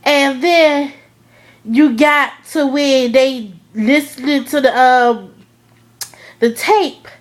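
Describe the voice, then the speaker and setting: A woman's voice: high-pitched, very slow. A young woman chatting casually about a TV episode, gushing and filling her talk with "like" and "oh my goodness". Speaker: vlogger reviewing a TV episode. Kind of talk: casual excited chat.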